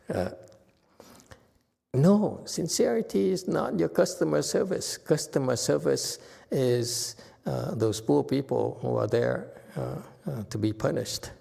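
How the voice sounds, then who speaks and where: Slow, gravelly man giving a joking Dharma talk. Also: medium pitch, warm tone. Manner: teasing, chuckles often, self-mocking. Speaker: Buddhist meditation master. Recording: long hall reverb.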